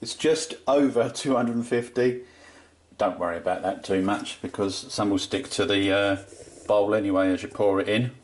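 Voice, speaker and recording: Brief: man, deep voice, easygoing jokey how-to host, faint hiss behind. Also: fairly even intonation, moderate pace. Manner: chatty, jokey, addresses viewers as folks. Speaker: homebrew video host. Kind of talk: casual how-to narration. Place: home conservatory.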